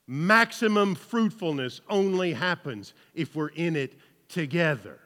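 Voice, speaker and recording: Southern male pastor, bright ringing voice, fairly high, conversational sermon full of "right?" asides, live in a church hall. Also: expressive, a little slow. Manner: conversational, keeps asking "right?", jokes with the congregation. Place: church hall with about seventy people.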